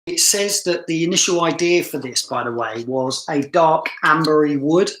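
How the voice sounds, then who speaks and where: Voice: mid-range voice, normal speed, a bit bright, roomy sound. A fragrance reviewer with a southern English accent, chatting through a live stream in a self-mocking way and laughing often.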